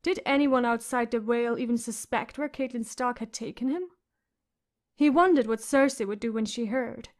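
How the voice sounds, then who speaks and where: High-voiced woman narrating an audiobook. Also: moderate pace.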